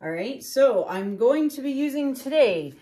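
A woman artist hosts her own painting vlog in a home studio. She talks casually and cheerfully to the viewers, filling pauses with ums as she shows her work. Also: sits high, lively intonation, dark tone, husky. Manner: chatty, upbeat, lots of fillers. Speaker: acrylic pour artist and channel host.

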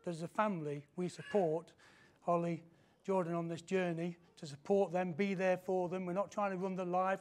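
A British man, a pastor, leading a child dedication in a church service, mixing light jokes with slow, deliberate scripture reading. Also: sits high. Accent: British English. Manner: warm, jokey asides mixed with slow scripture reading.

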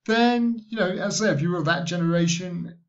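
A male university lecturer giving a recorded lecture, talking in a halting way with many restarts. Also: high-pitched, dull audio. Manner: hesitant, many fillers and restarts.

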